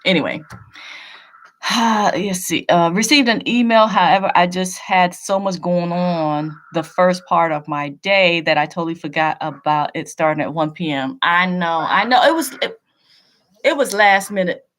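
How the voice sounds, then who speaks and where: A woman's voice: on the low side, a little slow, fairly bright tone. A woman hosting a casual live stream from home into a laptop, talking bluntly and with some profanity, teasing and chatty.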